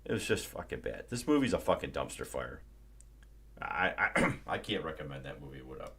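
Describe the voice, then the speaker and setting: A man's voice: rumbling low, big pitch swings, moderate pace, bright, forceful tone. A man hosting a live stream, ranting casually and profanely about a movie. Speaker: livestream host.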